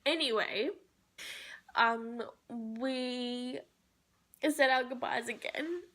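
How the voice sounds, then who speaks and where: Tearful young woman with a bright voice. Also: on the high side, drawn-out words. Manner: tearful, emotional, voice breaking into whispers. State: crying. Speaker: vlogger. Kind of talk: personal storytelling vlog.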